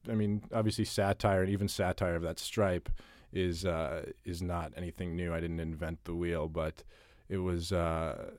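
A man's voice: low-pitched, flat delivery, normal speed, few pauses, a little mellow, no echo, clean studio sound. A man being interviewed about his writing, talking casually and thoughtfully, often restarting and repeating words. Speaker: interviewee, writer.

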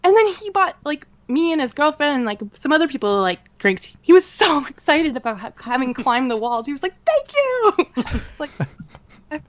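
A woman co-hosting a podcast, telling a travel story in a casual, animated way with many fillers and laughs. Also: high-pitched, brisk, few pauses, no room sound. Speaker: podcast co-host. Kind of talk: casual chat.

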